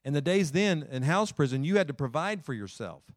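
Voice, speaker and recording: Higher-voiced preacher, folksy and dry-sounding. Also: male voice, big pitch swings, a little fast, no room sound. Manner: folksy preaching, building up loud then dropping low for scripture. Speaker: pastor. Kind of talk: sermon. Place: church.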